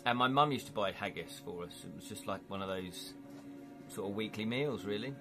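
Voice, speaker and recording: A man's voice: fairly low pitch, a little fast, music in the background. A man from England hosting a livestream, chatting casually and rambling while reading out viewer comments, laughing often. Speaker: livestream host.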